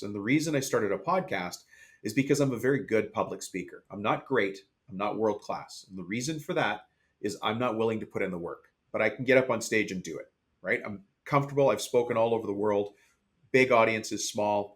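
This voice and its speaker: A man's voice: fairly low pitch, lively intonation, a little fast, fairly bright tone. A man speaking as a podcast guest, a business coach for the trades, talking candidly and telling stories in conversational interview style. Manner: candid, storytelling, mimics others in quotes.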